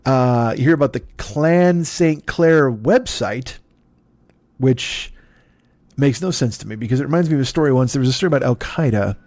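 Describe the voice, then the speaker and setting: A man's voice: mid-range voice, normal speed, a little mellow, dry recording. Profane, rambling male comedy podcaster. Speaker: podcast host. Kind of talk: solo comedy podcast monologue.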